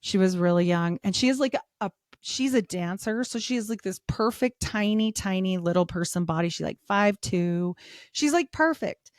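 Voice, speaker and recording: A woman in her thirties chats as a podcast guest, her voice sitting mid-range and recorded close and dry with no room around it. She tells funny stories at a lively clip, laughs often and slips into a higher voice to quote the people in them. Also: normal speed, dry recording. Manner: animated storyteller, acts out quotes in a higher voice; laughs often, swears casually. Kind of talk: casual podcast chat.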